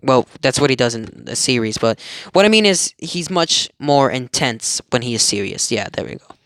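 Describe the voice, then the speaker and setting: A man's voice: medium pitch, expressive, moderate pace, a bit bright, no echo, studio quality. A young man casually retelling a fan story, rambling, giggling and correcting himself as he goes. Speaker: amateur storyteller.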